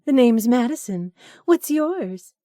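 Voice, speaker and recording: A woman voicing a forward, flirtatious blonde woman in an audiobook, breathy and teasing. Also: fairly high pitch, expressive, takes it slowly, dark tone, no room sound, clean studio sound, voice pushed up. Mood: gushing.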